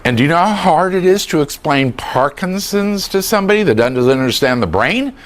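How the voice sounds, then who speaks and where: Animated man giving a care lecture. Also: a little high, fairly quick. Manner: animated, acts out quoted dialogue. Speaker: dementia care educator. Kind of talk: lively training lecture. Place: room with a live audience.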